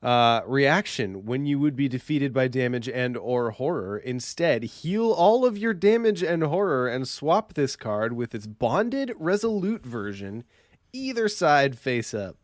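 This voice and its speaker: Farmhand type, put on by a man, corny Southern drawl, mid-range voice, reads text slowly and stiffly. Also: medium pitch, sing-song, no echo, clean studio sound. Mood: playful drawl. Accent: exaggerated bad Southern US put-on. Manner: reads card text aloud, breaking into laughs. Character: folksy male farmhand reading his own stats. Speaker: podcast co-host.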